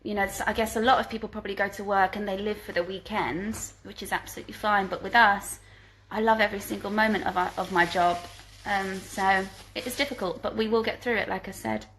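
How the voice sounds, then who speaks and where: Woman, bright voice, chatty live Q&A, giggly, phone at home. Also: mid-range voice, steady tone, brisk, slight background noise, low-quality recording. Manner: chatty and giggly, reads questions aloud and answers them. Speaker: musical theatre performer answering fan questions. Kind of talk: casual live-stream Q&A chat. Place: at home during isolation.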